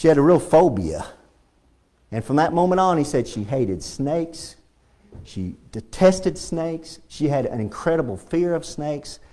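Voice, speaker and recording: A man with a Texan accent preaches in a church with an emphatic, storytelling delivery. His voice sits somewhat high and swings widely in pitch, breaking into shouted exclamations. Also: very animated, measured pace. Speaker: pastor. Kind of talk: sermon.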